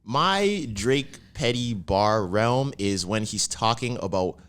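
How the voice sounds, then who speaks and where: A man's voice: fairly low pitch, animated, slow, a bit bright, clear, resonant tone. A man co-hosting a podcast, laid-back and teasing in casual chat. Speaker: podcast co-host.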